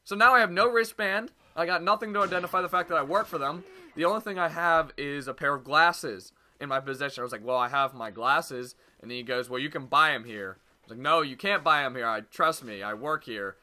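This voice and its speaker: A man's voice: fairly high pitch, fairly quick, few pauses. A young man casually telling a story to his viewers in a vlog, swearing freely and acting out what others said. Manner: animated, profane, acts out quoted voices. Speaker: YouTube vlogger.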